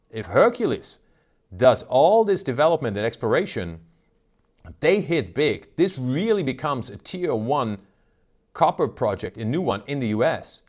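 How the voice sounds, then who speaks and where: A man's medium, slightly mellow voice carries a casual investment video, where he offers emphatic market commentary to camera and frequently adds rhetorical "right?" questions.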